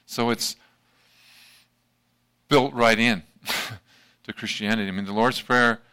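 A man giving an informal evening talk to a live audience, halting, with many fillers and restarts, his mouth still slightly numb from dental work. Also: mid-range voice, steady tone, sharp tone, clear, resonant tone.

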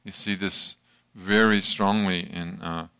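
A man with a low, brightly ringing voice gives an informal talk to a live audience. He halts often, with fillers and restarts. His mouth is still slightly numb after dental work. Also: fairly even intonation, clean tone. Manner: halting, many fillers and restarts. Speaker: speaker giving an evening talk.

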